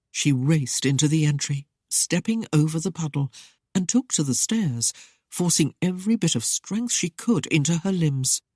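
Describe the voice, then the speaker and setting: A woman narrating a historical romance audiobook with expressive storytelling. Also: sits low, husky, dry recording, clean studio sound. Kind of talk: scripted narration.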